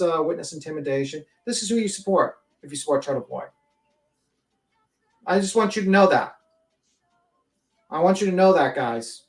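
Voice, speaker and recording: A male livestream host reading a document aloud with blunt, profane, indignant asides. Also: a little high.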